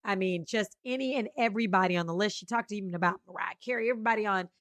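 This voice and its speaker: A woman co-hosting a podcast, giving blunt, animated opinions in a casual gossip chat. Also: medium pitch, rapid-fire, dry recording. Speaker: podcast co-host.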